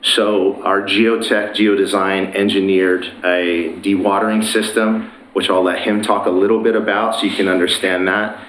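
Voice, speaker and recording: A man's voice: lowish voice, level tone, moderate pace, few pauses, fairly bright tone, reverberant, slight background noise, low-quality recording. A man presenting his plans for a property at a city meeting, earnest and persuasive with some hesitations. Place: council chamber.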